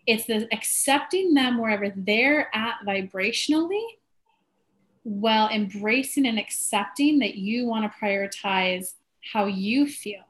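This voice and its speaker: A woman coaching a client, animated when acting out others' words and softer when guiding. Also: on the high side, normal speed. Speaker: spiritual coach. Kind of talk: coaching session.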